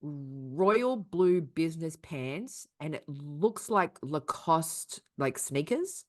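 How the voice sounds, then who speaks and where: A woman's voice: low voice, expressive, takes it slowly, darkish tone. A young woman co-hosting a podcast, telling a story in casual, profane chat. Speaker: podcast co-host.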